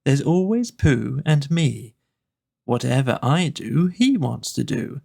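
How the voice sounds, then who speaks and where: Slow gravelly man reading poems. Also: medium pitch, very animated, darkish tone. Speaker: storyteller. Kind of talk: reading children's poems aloud.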